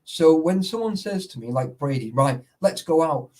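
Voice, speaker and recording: A man's voice: a little high, expressive, normal speed, dark tone, far from the mic. A man in casual chat, rambling and swearing, forever checking that the listener follows. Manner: sweary, rambling, keeps asking "you know what I mean".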